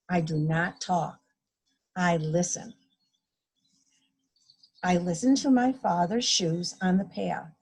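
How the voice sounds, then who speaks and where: A woman's voice: on the low side, creaky, husky. A woman reading a children's picture book aloud on a video call, voicing the book's sound effects expressively. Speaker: guest story reader.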